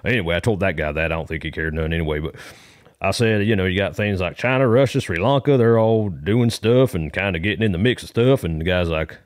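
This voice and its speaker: A man with a low, deep voice tells a long, wandering comic story as a caller. He drifts from point to point in a folksy way and uses rural grammar. The sound is close and dry. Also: fairly quick, no echo. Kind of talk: rambling comic monologue.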